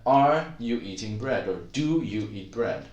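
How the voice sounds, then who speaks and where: A man's voice: fairly low pitch, lively intonation, unhurried, a little mellow, reverberant, muffled recording. A man teaching a casual language lesson, explaining patiently with many fillers and acting out example sentences.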